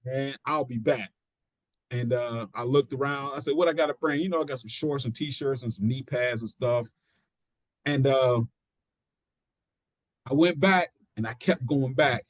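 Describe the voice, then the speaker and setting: A middle-aged man, a pro wrestler being interviewed, telling his story casually and acting out quotes in an animated way. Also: medium pitch, a little slow, long pauses, no echo. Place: studio.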